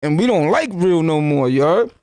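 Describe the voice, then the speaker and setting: A man's voice: on the high side, lively intonation, normal speed, darkish tone, no echo, clean studio sound. A man with a New York accent giving casual reaction commentary as a podcast host, joking in street slang and laughing often.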